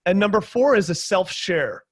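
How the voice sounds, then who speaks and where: A man on a panel video call, explaining sales techniques in lively conversational talk and acting out quotes. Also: sits high, normal speed, breathy edge, no echo. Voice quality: animated storyteller, acts out quotes loudly.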